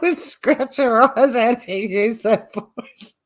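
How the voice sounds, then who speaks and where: A woman's voice: a little high, lively intonation, unhurried. An Australian woman hosting a livestream, giving chatty, blunt commentary with laughing asides. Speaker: livestream host. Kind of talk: casual live commentary.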